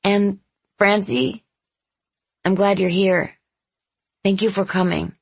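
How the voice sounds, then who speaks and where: A woman's voice: mid-range voice, flat delivery, takes it slowly, vocal fry, no room sound. A woman voicing a weary, injured young mother who sounds casual and deflects questions. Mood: tired casual.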